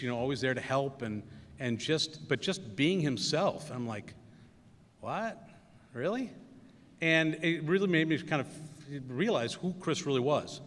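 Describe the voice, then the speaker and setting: The guest speaker at this commencement is a middle-aged man from Wisconsin with a mid-range, fairly bright voice. He tells self-deprecating anecdotes studded with fillers, and his words echo through the school hall.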